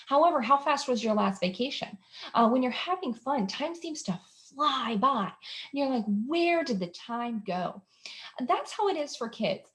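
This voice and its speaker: A woman's voice: sits high, expressive, normal speed, fairly bright tone. A woman hosting an instructional talk for parents. She explains behavior strategies in a conversational way, with frequent ums and uhs. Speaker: behavior specialist host.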